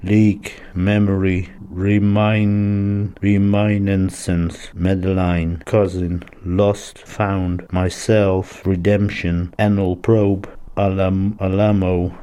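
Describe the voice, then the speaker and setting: A man speaks single words in a calm, unhurried free-association chain. His voice sits low and mellow, and his delivery stays flat and even from word to word, with short pauses between them. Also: clear, resonant tone.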